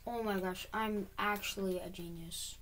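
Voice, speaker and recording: A woman talking to herself as she plays a building game, quickly frustrated and humming as she works. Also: mid-range voice, steady tone, a bit bright, slight background noise. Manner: talks to herself, quickly frustrated, hums while working. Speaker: gaming video creator. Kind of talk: self-talk while playing a game.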